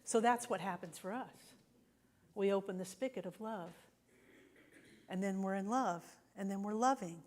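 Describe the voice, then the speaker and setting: A woman's voice: mid-range voice, moderate pace, long pauses, darkish tone. A woman minister giving a sermon in a conversational way, often checking in with the congregation. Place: church sanctuary.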